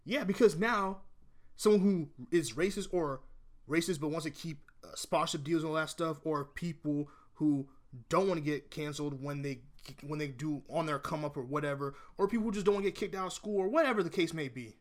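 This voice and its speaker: A man's voice: on the high side, a little fast. A man venting his opinion to camera in a blunt, emphatic rant, swearing freely and repeating himself as he argues. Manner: repeats and restarts phrases while arguing. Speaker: vlogger.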